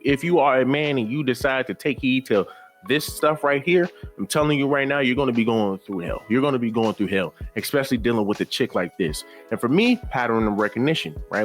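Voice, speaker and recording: A man delivering reaction commentary in an emphatic, lecturing tone, repeating lines for effect. His voice sits at an ordinary middle pitch, with faint music underneath. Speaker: commentary host.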